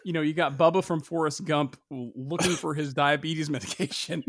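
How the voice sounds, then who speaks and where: A young man hosting a podcast, recapping a movie in a rambling, animated way, full of fillers and laughter. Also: on the high side, brisk, hardly any pauses, no echo, clean studio sound. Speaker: podcast host.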